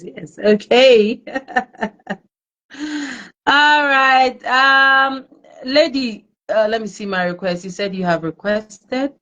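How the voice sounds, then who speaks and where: A woman hosting a live-streamed talk show, greeting viewers by name and chatting in a warm, emotional way. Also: sits high, slow, pauses often, dull audio. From Ghana. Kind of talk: casual live-stream chat.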